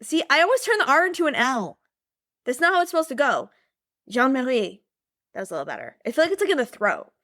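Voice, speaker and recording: A woman's voice: sits high, sing-song, very fast, fairly bright tone, no echo, clean studio sound. A young woman chatting casually and rambling about a trip, with lots of fillers and laughter. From United States. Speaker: podcast host and business mentor. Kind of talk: casual chat.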